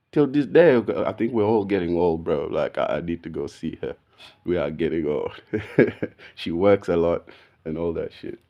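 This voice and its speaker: A man, telling a story in a casual, slangy, animated way, saying "bro" all the time. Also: lowish voice, lo-fi sound. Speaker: video podcast host.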